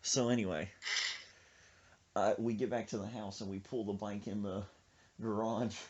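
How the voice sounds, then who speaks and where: A man's voice: on the low side, normal speed, husky, dull audio. A man hosting a podcast, telling a comic story with lots of laughter and acted-out voices. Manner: animated, laughing, acts out voices. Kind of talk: comedic storytelling.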